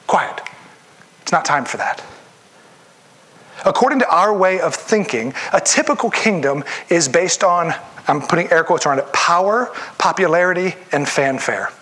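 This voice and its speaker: A man preaching a sermon in a relaxed, conversational way, often acting out the voices of the people he quotes. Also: sits high. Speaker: pastor.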